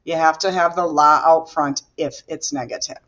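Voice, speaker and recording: A woman's voice: low voice, steady tone, moderate pace, a bit bright, lo-fi sound. A woman teaching a recorded grammar lesson, patiently explaining step by step while she writes on the board. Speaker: Spanish teacher.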